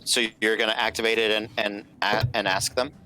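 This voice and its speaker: A man's voice: fairly low pitch, level tone, brisk, sharp tone. A man narrating as game master of a tabletop game, loose and apologetic, with lots of fillers.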